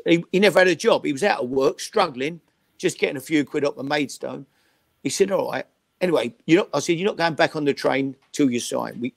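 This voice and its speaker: A man's voice: mid-range voice, gravelly, no room sound. An older man, telling football anecdotes as a guest on a call-in interview and acting out the voices of others. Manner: lively storyteller acting out voices, chuckling. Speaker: guest, former football manager. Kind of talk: anecdotal storytelling. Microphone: video call.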